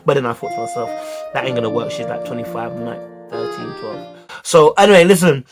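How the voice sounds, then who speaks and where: A man telling a school story in a casual, animated way, heavy on slang. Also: mid-range voice, fast talker, over music.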